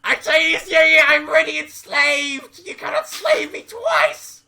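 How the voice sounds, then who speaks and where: A man voicing a ragged, manic male slave creature in a tabletop game, with shrill screeching cries. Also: big pitch swings, measured pace, vocal fry, sharp tone, exaggerated voice.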